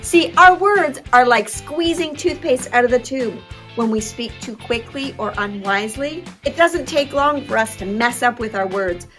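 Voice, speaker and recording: Animated woman teaching kids. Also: on the high side, moderate pace, faint music behind. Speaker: children's ministry teacher. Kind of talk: scripted Bible lesson for kids.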